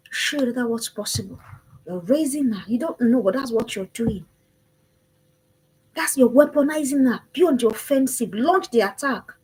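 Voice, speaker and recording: Impassioned husky woman, exhorting. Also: a little high, dark tone, low-quality recording. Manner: impassioned, emphatic, repeats her calls to action. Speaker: parenting speaker. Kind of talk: motivational talk.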